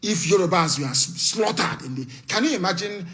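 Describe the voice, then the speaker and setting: Guy on a live broadcast, fiery, keeps firing questions at the crowd, kinda high voice. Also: animated, fairly quick, bright, forceful tone. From Nigeria. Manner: impassioned, hammering rhetorical questions; issues stern warnings. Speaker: political activist leader.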